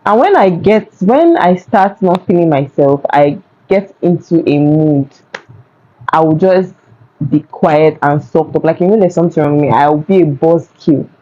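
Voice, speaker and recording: A young woman with a Nigerian accent telling a casual storytime to camera, chatty and animated. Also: low voice, measured pace, highs cut off. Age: young adult. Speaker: vlogger. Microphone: phone.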